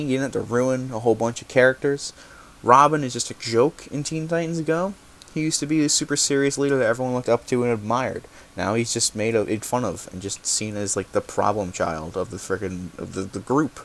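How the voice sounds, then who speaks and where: A young man hosting a podcast segment, talking casually and rambling, often correcting himself and swearing now and then. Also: medium pitch. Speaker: podcast host.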